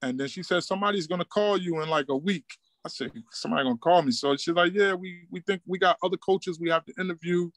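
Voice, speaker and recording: Newark coach guy, chill and chatty, kinda high voice. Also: fast, few pauses, no room sound. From Newark, New Jersey. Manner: laid-back street talk, acts out quoted dialogue. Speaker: high school basketball coach, guest. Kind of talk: casual storytelling interview.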